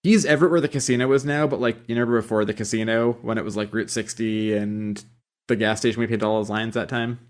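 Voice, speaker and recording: A man's voice: lowish voice, steady tone, quick pace. A man co-hosting a podcast in casual chat, joking and swearing freely. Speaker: podcast co-host.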